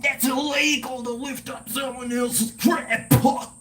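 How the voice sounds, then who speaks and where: A man putting on an angry local man on a boat who shouts and scolds. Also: very high-pitched, fairly even intonation, slow, background noise, voice pushed up. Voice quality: loud, scolding.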